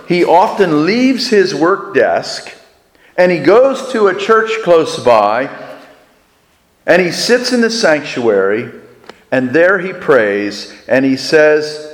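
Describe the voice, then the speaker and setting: A man preaching a sermon, telling a story slowly and deliberately with dramatic pauses. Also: on the high side, sing-song. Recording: echoey hall with long reverb.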